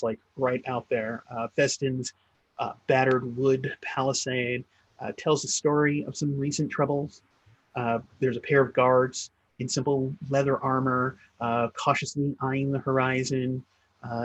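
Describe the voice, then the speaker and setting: A man's voice: mid-range voice, dry recording, rough recording. A man narrating a tabletop game as game master, in a meandering, hesitant way.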